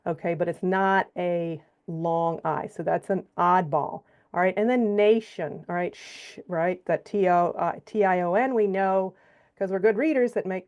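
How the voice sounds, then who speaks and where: A woman at a mid-range pitch leads a phonics workshop for teachers. She walks through each example one step at a time and draws the vowel sounds out slowly. She keeps checking in with her listeners as she goes. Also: darkish tone. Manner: explains step by step, checks in with frequent okays and all rights; sounds out syllables slowly and stretches example words. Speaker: reading teacher trainer. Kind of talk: instructional presentation.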